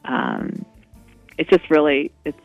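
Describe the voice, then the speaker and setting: A woman's voice: sits low, wildly swooping pitch, takes it slowly, gravelly, no echo, faint music behind. A woman guest in a radio interview, talking in a rambling way with many restarts. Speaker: guest, walk co-founder. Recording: dull lo-fi radio audio.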